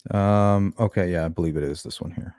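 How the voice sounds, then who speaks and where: A man's voice: deep voice, steady tone, a little fast, darkish tone, no echo. A man hosting true crime commentary, talking casually and thinking aloud as he reacts to news clips. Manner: conversational, thinking aloud with fillers.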